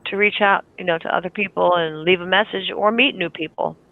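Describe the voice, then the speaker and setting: A middle-aged woman with a raspy, warm voice, hosting a casual group voice chat and laughing often. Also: fairly low pitch, steady tone, brisk. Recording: tinny phone-like line.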